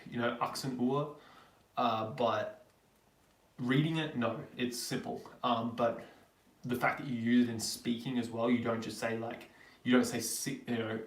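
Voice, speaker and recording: Australian man in his twenties, roomy and distant. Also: mid-range voice. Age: 20s. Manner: chatty and rambling, answering viewers. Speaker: vlogger host. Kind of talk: live-stream Q&A chat.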